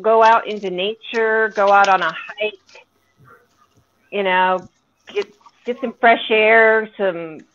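A woman's voice: medium pitch, fairly bright tone, dull audio. A woman guest on a livestream panel, chatting easily and repeating words as she goes. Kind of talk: casual livestream chat.

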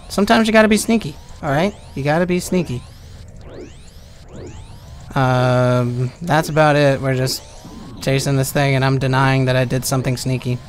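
A man's voice: on the high side, slight background noise. Sarcastic, swearing gaming commentator man. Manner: rambling, sarcastic, profane. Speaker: let's play commentator. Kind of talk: gameplay commentary.

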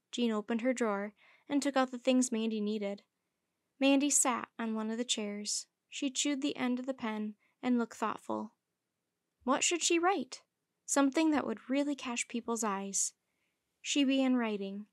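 A woman storyteller reading a children's book aloud in a gentle, even narration. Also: a little high, a little slow, no room sound, clean studio sound.

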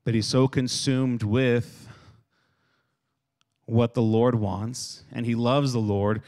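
Preaching a lively youth sermon, a man acts out everyday scenes and gets the crowd to repeat words after him. His voice is medium-pitched, and he takes it slowly.

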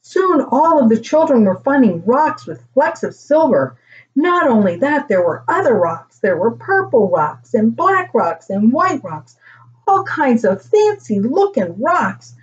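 An older woman reading a children's storybook aloud, animated as she voices the grandchildren and grandparents. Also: unhurried, highs cut off. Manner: animated, pitching up for children's lines.

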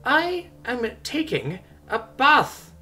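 A man voicing a brisk, unflappable young woman governor who talks bluntly and stubbornly. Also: very high voice, huge pitch swings, pushed and bright, voice pushed up, full character voice. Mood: insistent. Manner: blunt, stubborn, matter-of-fact.

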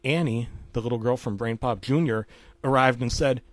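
A man's voice: medium pitch, moderate pace, dry recording. A man narrating a creepypasta story in a casual storytelling manner. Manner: casual storytelling, dropping to a hush for gory parts.

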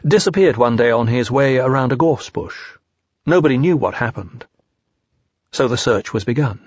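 A man reads an audiobook in a calm, measured way, with a husky voice at a middle pitch. The recording is dry, with no room sound. It also sounds dull and lo-fi. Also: no echo. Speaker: audiobook narrator. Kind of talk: audiobook reading.

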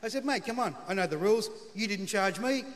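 A man's voice: sits high, brisk. A middle-aged Australian man telling a comic story on stage in a laconic, punchline-driven way, heard in a large live studio. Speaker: comedian. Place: large live television stage before an audience. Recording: long hall reverb, faint crowd noise.

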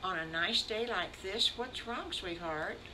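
An older woman voicing a kind, gentle mother pig in a storybook tale, speaking softly and soothingly. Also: medium pitch, a little slow, noisy background, lightly acted. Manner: soft, soothing.

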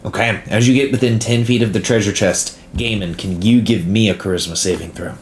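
A man narrating as game master of a tabletop game, relaxed and dotted with "uh" pauses. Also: fairly low pitch, slight background noise.

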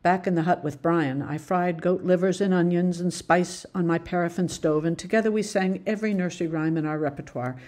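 Brief: US woman, author reading her memoir, lowish voice, measured and plain. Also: dark tone. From United States. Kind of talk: audiobook narration.

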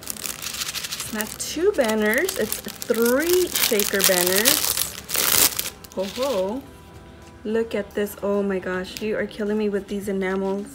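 A woman hosting a crafting video, unboxing mail from a friend and gushing over each handmade piece with excited exclamations. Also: mid-range voice, unhurried, over music. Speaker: crafting channel host.

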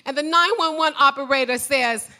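A woman giving an emotional church testimony, fervent and rising to loud praise. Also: sits high, moderate pace.

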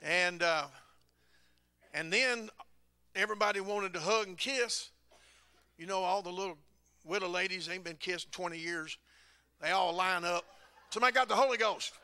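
A man's voice: high-pitched, moderate pace, pauses often, bright, forceful tone, clean tone, no room sound. A man preaching a testimony, telling folksy stories and laughing at himself. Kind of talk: testimony sermon. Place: church sanctuary.

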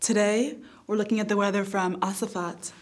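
A woman gives a jokey improvised weather report. She talks hesitantly and giggles, with plenty of fillers, and her voice sits at an ordinary middle pitch. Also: fairly even intonation, brisk. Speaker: comedic weather presenter.

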